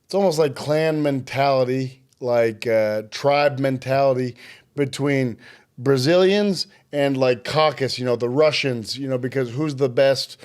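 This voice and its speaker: A man hosting a podcast, asking questions in a relaxed way with dry jokes. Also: mid-range voice, measured pace, smooth. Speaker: podcast host. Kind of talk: casual interview chat.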